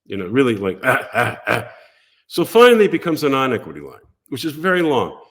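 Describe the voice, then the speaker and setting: Older man, guest storyteller, very lively pitch, acts out quotes, animated chat. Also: fast talker. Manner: lively, acts out voices and quotes in his stories.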